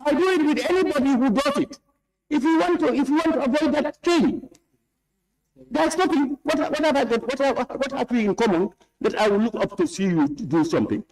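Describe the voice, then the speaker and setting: A stern man with a Gambian English accent presides over a parliament chamber, scolding members and repeating himself. His voice sits high for a man, and he speaks into a desk microphone. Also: a little fast, darkish tone, low-quality recording. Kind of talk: presiding over a heated debate.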